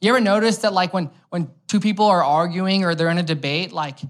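A man's voice: sits high, fairly even intonation, brisk, fairly bright tone. A young man preaches in an easygoing, conversational way, as if chatting with the room. He moves between explaining a passage and telling a personal story, with light humor along the way. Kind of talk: conversational sermon.

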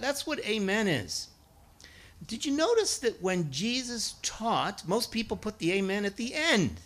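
A man's voice: sits high, sing-song, a little slow, a bit bright. A middle-aged man giving a sermon, telling stories and acting out voices, building to emphatic peaks. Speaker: guest preacher and schoolteacher.

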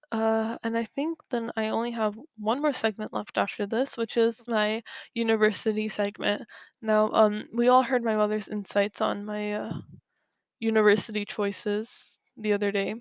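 A woman's voice: a little high, dry recording. A young woman vlogging in a casual, rambling way, often laughing and correcting herself. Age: young adult. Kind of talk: casual storytelling to camera. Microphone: own mic, bumped at times.

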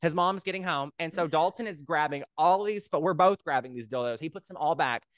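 A young man in his twenties co-hosting a podcast, telling a story in a casual, animated way full of "like". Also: on the high side, brisk, dry recording, clean studio sound. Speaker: podcast co-host. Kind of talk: casual chat.

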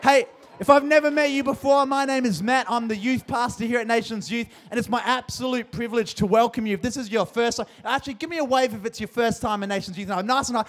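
A young Australian man leads a youth service as its pastor, his voice pitched very high. He shouts hype and jokes out to the room, with a faint crowd audible behind him. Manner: hyped, shouting to the crowd, jokey. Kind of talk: energetic youth service hosting. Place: large hall with live audience.

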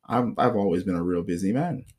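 A man's voice: low voice, brisk. A man casually telling a personal story about past relationships in a blunt, profane way, acting out what others said. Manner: blunt and profane, animated when mimicking others. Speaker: self-help vlogger.

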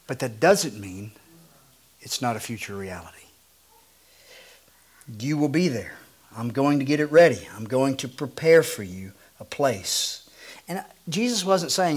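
A man preaching a sermon, dropping to a hushed low voice for scripture and rising when he gets excited. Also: a little slow. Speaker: pastor.

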